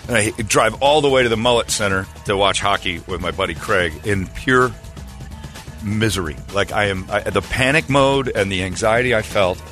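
A middle-aged man in casual chat, telling a story with animated retellings of what people said. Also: fairly low pitch, normal speed, faint music behind. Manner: animated storytelling, acting out voices.

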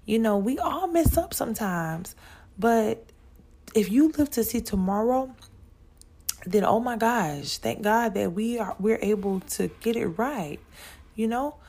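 A woman hosts her own podcast in a casual monologue, talking chattily to her listeners as "y'all" and often repeating words and restarting. Her voice is on the high side, lively, unhurried, dark, with a breathy edge.

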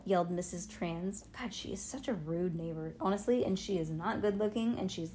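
A woman's voice: lowish voice, moderate pace, few pauses, darkish tone. Woman reading a kids' book aloud, playful. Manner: playful, adds chatty asides. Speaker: storybook reader.

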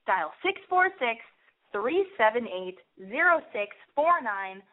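A high-voiced woman hosts a call-in advice show with a noticeable lisp. She rambles brashly and swears freely, full of restless energy. Her voice comes through thin and tinny, as if over a phone line. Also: sing-song, slow.

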